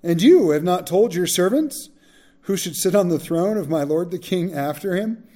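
A man reading aloud the words of a shrewd, smooth male prophet pleading urgently with a king. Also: high-pitched, animated, normal speed, warm tone.

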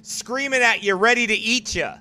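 A man's voice: very high voice, normal speed, bright, forceful tone. A male pastor preaching in a combative, mocking, emphatic way. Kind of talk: fiery preaching broadcast.

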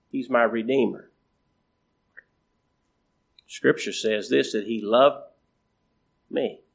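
A man preaching a sermon in a slow, repetitive cadence, with emphatic rises and phrase endings that trail off quietly. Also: mid-range voice, creaky.

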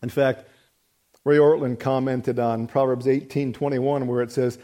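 A man preaching a sermon emphatically, swinging between loud, punchy words and hushed, drawn-out ones. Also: medium pitch, steady tone.

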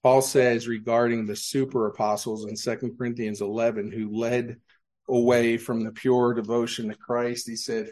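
A male pastor delivering a sermon in a church sanctuary. His voice sits at an ordinary mid pitch. He leans on rhetorical questions, pausing for the room before he gives the answer. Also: a little mellow.

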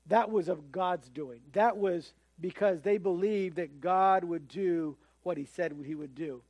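A man's voice: sits high, unhurried, a little mellow, dry recording. A man preaching a sermon in a conversational way, often acting out the voices of the people he quotes. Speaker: pastor.

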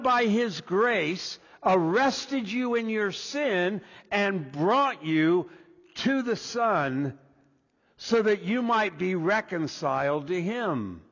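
A man preaching a sermon as pastor, deliberate and restarting his first words. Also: high-pitched, fairly bright tone. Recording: dull lo-fi echoey hall.

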